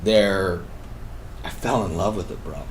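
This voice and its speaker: A man on a talk show, telling a story with energy. He swings between loud, emphatic bursts and hushed, intense passages. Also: low-pitched, unhurried, slight background noise, rough recording. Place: radio studio.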